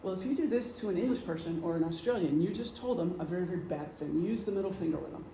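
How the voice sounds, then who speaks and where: A man's voice: high-pitched, rapid-fire, vocal fry, dark tone. A middle-aged man giving an informal presentation to a group, talking conversationally with examples and frequent ums. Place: meeting room. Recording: echoey room, faint hum.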